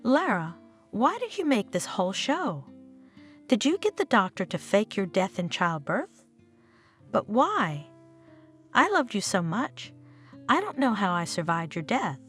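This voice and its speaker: A woman's voice: medium pitch, sing-song, measured pace, long pauses, a bit bright, faint music behind. Woman reading as a dazed grieving widower. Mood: shocked. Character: grieving middle-aged male widower, dazed.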